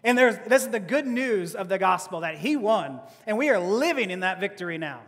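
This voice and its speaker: A man's voice: high voice, lively intonation, brisk. A man preaching a sermon as pastor, conversational, with rhetorical questions and laughing asides. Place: church hall. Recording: long hall reverb.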